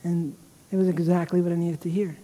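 High-voiced preaching man in a reverberant church. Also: flat delivery, fairly quick, dark tone. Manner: earnest, emotional preaching with repeated restarts. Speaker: pastor. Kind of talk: sermon. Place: church sanctuary.

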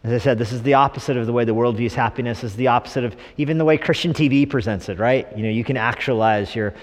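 Middle-aged guy pastor giving a sermon, jokey and lively, does little mock voices, echoey church hall. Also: medium pitch, quick pace. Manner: humorous, animated preaching with mock voices. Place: church sanctuary.

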